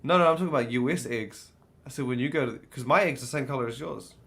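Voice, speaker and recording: A man's voice: mid-range voice, fast, fairly bright tone. A man with a New Zealand accent, a podcast panelist rambling in casual chat and swearing freely.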